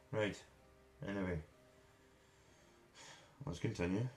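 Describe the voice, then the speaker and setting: A man's voice: deep voice, fairly even intonation, very slow. A man giving an angry, profanity-laden commentary as a vlogger, hurling insults.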